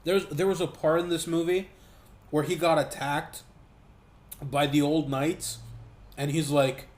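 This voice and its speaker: A man giving a casual, profane movie review, talking in an animated way and mocking what he saw. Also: a little high, roomy sound. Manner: profane, animated, quick asides with mocking quoted voices.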